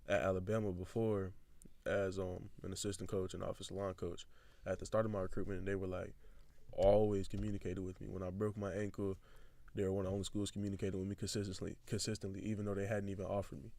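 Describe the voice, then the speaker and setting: A man's voice: low-pitched, quick pace. A young man, a football recruit, telling a long story in casual chat and acting out the dialogue. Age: young adult. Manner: animated, acts out quoted dialogue.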